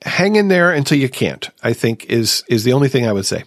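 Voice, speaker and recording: A man's voice: mid-range voice, very animated, a little fast, dry recording, clean studio sound. A man hosting a recovery podcast, sharing his own experience in a reflective, casual way. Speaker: podcast host.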